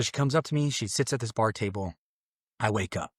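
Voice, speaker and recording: A young man from a Mexican family guests on a podcast, telling a personal story casually and ramblingly, with fillers and acted-out quotes of what others said. His medium-pitched voice is animated, fast, and a bit bright. The sound is clean studio quality without echo.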